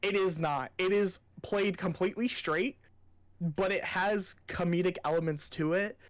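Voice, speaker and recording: A young man co-hosting a podcast chats casually, gushing with enthusiasm and swearing freely. His voice sits high, and he doesn't rush.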